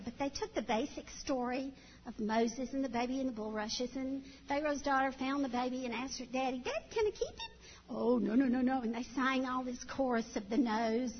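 Speaking to a church audience, a middle-aged woman tells folksy, animated stories in a high voice that rings with long hall reverb. The recording is dull, with faint ambience and a little hiss or hum behind it.

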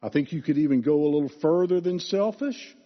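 A man preaching a sermon as pastor, teaching in an expressive, emphatic way. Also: fairly high pitch, fairly quick. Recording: reverberant hall, dull lo-fi sound.

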